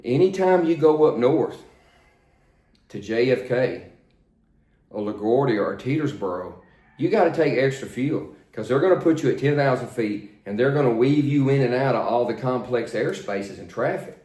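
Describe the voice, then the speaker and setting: An older man working as a flight instructor, coaching in a plain, steady, repetitive way. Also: mid-range voice, moderate pace. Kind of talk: spoken instruction, demonstrating radio calls. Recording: roomy echo.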